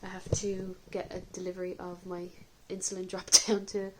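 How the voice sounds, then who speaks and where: A woman's voice: lowish voice, completely flat delivery, moderate pace, fairly bright tone, rough recording. A woman vlogger talking candidly and chattily in a home video diary, coughing now and then. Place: indoors at home.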